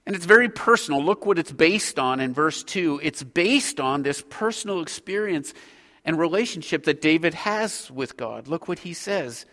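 Guy pastor preaching, high bright voice, earnest and slow in spots, big echoey church. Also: lively intonation. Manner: earnest, preaching with measured pauses. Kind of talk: sermon. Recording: hall reverb.

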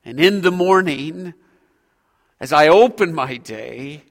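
A man preaching a sermon as a pastor, earnest and measured, pausing between phrases. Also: fairly high pitch, expressive. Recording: hall reverb.

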